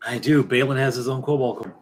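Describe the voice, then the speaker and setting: A middle-aged man hosting a casual late-night livestream, rambling and halting with many fillers and restarts, dropping wry, joking asides. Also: medium pitch, slight background noise. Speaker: livestream host.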